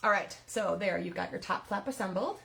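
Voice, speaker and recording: Gravelly-voiced woman teaching card making. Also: mid-range voice, a little fast, heavy background noise. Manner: chatty, step-by-step, laughs at her own slips. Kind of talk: live crafting tutorial.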